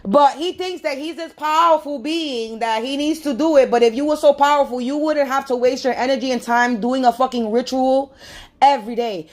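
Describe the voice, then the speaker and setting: A woman ranting bluntly and mockingly on a casual livestream from her apartment, talking into a phone. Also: high voice. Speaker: livestream host.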